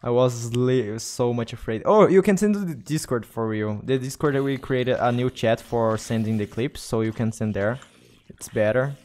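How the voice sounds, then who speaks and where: A man's voice: medium pitch, darkish tone, slight background noise. Brazilian man chatting on a gaming stream. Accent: Brazilian Portuguese. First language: Portuguese. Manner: halting, repeats and restarts words, chats to viewers. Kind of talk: casual gaming livestream chat.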